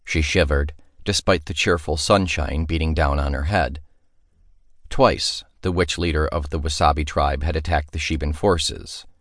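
A man with a low, deep voice narrates an epic fantasy audiobook at a measured storytelling pace. The studio sound is dry and close. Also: steady tone, dry recording.

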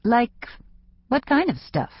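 A woman voicing a perky, eager teenage girl cheerleader with a high, girlish voice. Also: sing-song, moderate pace, no room sound, dull audio. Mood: hesitant.

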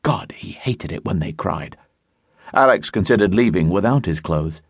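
Deep-ish guy narrating an audiobook, animated, dry studio sound. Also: husky, no room sound. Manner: measured storytelling. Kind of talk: scripted narration. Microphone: studio mic.

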